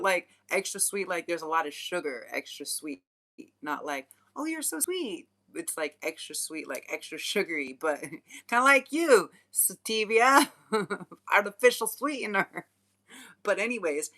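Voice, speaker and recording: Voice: mid-range voice, sharp tone. A young adult vlogger chatting casually, laughing often and swearing freely in loose slang. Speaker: spiritual channeler and vlogger. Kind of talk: casual rambling chat.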